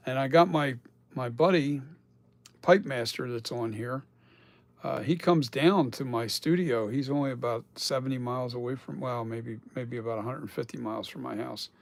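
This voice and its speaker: A man's voice: mid-range voice, vocal fry, dry recording. A man chatting casually on a live stream about sculpting masks, rambling and swearing now and then as he talks.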